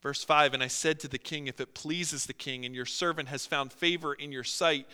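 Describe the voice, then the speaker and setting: Brief: animated pastor with a tense bright voice and lots of fillers, recorded in a reverberant church. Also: male voice, fairly high pitch, normal speed, few pauses, smooth. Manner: animated, acts out quotes, many fillers. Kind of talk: sermon. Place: church sanctuary. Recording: long hall reverb.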